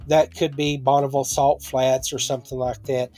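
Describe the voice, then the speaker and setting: A man's voice: medium pitch, little pitch movement, moderate pace, mellow, faint music behind. A man casually talking through items he has sold, rambling conversationally with personal asides. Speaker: online seller and vlogger. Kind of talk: casual vlog talk.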